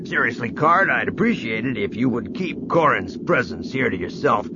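A man voicing a boisterous, cheerful older starship captain who talks in a booming, hearty way. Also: sing-song, normal speed, highs cut off, very noisy.

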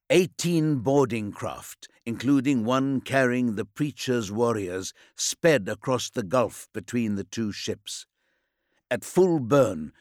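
Male audiobook narrator, slow and measured, dry close sound, mid pitch. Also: no room sound. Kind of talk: scripted narration.

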